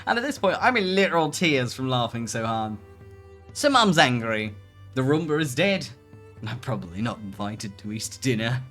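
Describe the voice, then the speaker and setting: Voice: medium pitch, big pitch swings, moderate pace, a bit bright, faint music behind. A streamer chatting casually while reading posts aloud, laughing often and swearing casually. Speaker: VTuber streamer.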